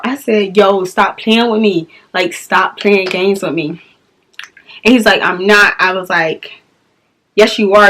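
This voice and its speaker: A young woman, telling a storytime vlog in a blunt, exasperated way and acting out the dialogue. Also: fairly high pitch. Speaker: vlogger.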